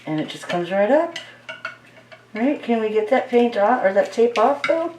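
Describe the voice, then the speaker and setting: Lively-voiced woman coaxing her paint. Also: on the high side, normal speed, recorded from a distance, background noise. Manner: talks to the paint, coaxing it along; playful, easily delighted. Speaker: paint pouring crafter. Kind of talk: chatty narration while working. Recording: echoey room, mic set back.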